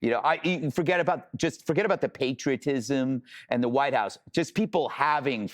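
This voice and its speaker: A man's voice: mid-range voice, moderate pace. A man on a news panel, mocking and sarcastic, often restarting his sentences. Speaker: co-host of panel show. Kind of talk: casual panel commentary.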